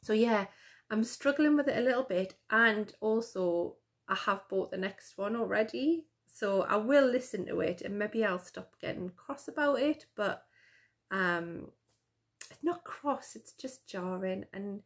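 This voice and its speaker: Chatty woman with vocal fry. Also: mid-range voice, expressive, measured pace. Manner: chatty, rambling, with many fillers and restarts. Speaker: vlogger. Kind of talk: casual chat to camera. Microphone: camera mic.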